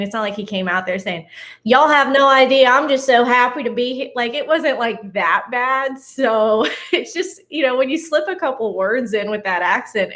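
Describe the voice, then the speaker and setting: A woman's voice: medium pitch, fairly bright tone. A woman guesting on a casual sports podcast, chatting with frequent laughs and lots of "like.".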